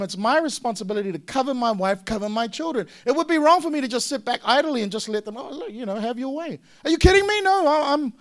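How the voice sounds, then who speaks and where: A middle-aged man from Samoa preaching a sermon in an animated way, acting out voices in sudden loud bursts. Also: high voice. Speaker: pastor.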